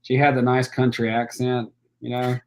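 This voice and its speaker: Male guest with a Tennessee accent, easygoing and halting, on a video call. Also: medium pitch, completely flat delivery, poor audio. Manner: easygoing, many fillers and restarts. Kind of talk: casual interview chat.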